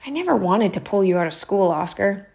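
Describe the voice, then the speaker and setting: A woman reading a storybook aloud, voicing a kind, earnest shopkeeper father who speaks gently. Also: medium pitch, expressive, brisk, creaky. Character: kind, proud middle-aged shopkeeper father. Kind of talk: storybook narration.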